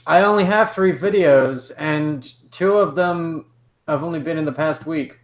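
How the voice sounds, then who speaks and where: A man's voice: fairly high pitch, measured pace. A man talking about his video channel in a casual group chat, hesitant and stammering. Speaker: content creator. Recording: echoey, noisy call audio.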